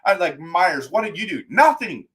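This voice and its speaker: High-voiced exasperated man ranting. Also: expressive, moderate pace, a bit bright. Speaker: live stream host. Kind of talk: post-game fan talk.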